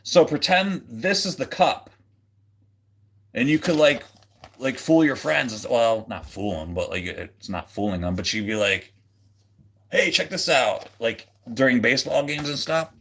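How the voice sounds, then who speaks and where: A man's voice: mid-range voice, moderate pace, fairly bright tone. Rambling man chatting on a livestream. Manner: rambling, many fillers and restarts; jokey, goofy. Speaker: livestream host. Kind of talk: casual livestream chat.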